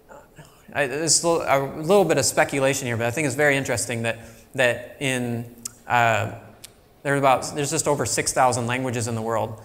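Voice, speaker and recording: A middle-aged man gives a relaxed public lecture, talking things through with plenty of fillers and restarts. His voice sits at an ordinary pitch and carries a long reverb from the large lecture hall around him. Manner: conversational, thinking aloud with fillers. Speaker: guest lecturer.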